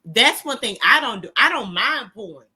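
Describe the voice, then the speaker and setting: A woman's voice: a little high, normal speed, husky. A woman co-hosting a casual podcast, telling personal stories animatedly and acting out what people said. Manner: animated storytelling, acts out quotes. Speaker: podcast co-host.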